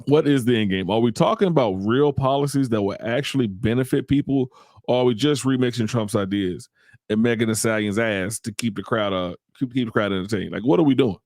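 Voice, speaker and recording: A man's voice: mid-range voice, a little fast, a little mellow, no echo. Male podcast host, mocking comic commentary, dry close sound. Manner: mocking, joking, laughs often. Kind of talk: casual political commentary.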